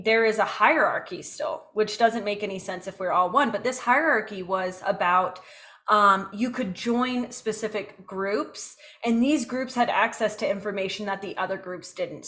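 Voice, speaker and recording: A woman co-hosting a casual podcast chat, talking in an animated, emphatic way with fillers. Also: mid-range voice. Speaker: podcast co-host.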